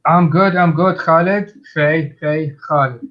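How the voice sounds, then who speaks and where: A man's voice: a little high, a little slow, highs cut off. A man hosting a casual live stream chat, telling stories bluntly with many restarts. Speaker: host.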